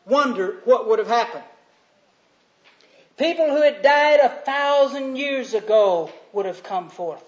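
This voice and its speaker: A man preaching a sermon as a storyteller, swinging between loud emphasis and hushed delivery. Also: very high-pitched, expressive, unhurried. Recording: dull lo-fi recording.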